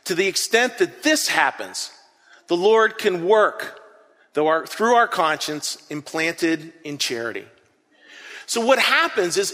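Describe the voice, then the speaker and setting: A man preaching an interactive sermon, earnest and animated, often repeating his words as he speaks to the congregation. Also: high-pitched. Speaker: pastor. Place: church hall. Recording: long hall reverb.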